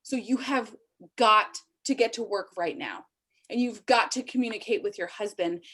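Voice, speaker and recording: A woman's voice: mid-range voice, a bit bright. Woman, 30s, team leader, motivational pep talk, emotional, urgent, pleading, video call audio.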